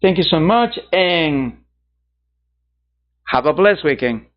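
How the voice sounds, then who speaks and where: A man's voice: fairly high pitch, expressive, slow pace. A man hosting a digital art channel, chatting casually to viewers in a rambling way, correcting himself and chuckling at his own asides. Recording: dull lo-fi sound.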